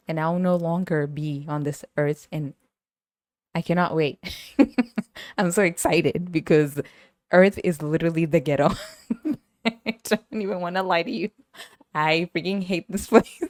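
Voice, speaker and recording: A woman's voice: lowish voice, no room sound, studio quality. A young woman hosting a casual solo podcast, bubbly and chatty, laughing often and repeating words for emphasis. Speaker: podcast host.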